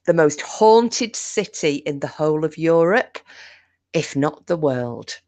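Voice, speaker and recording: A woman's voice: fairly low pitch, slow. A young woman telling a story casually to her live chat, laughing often, swearing freely and poking fun at herself. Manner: laughing, swearing, self-mocking. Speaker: streamer.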